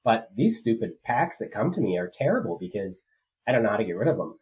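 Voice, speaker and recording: A state legislator co-hosting a political podcast from a rural home rambles in casual chat, full of fillers and restarts. His fairly low, darkish voice is sing-song and fast, and the audio is poor with slight background noise.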